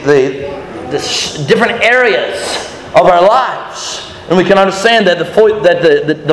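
A man preaching a sermon to children, animated and often asking them questions. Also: high-pitched. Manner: animated, questioning the audience, restarts. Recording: echoey hall with faint noise.

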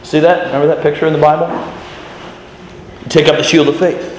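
High-voiced preacher in an echoey hall. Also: male voice, fairly quick. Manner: animated, questioning the audience, restarts. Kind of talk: sermon to children. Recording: echoey hall with faint noise.

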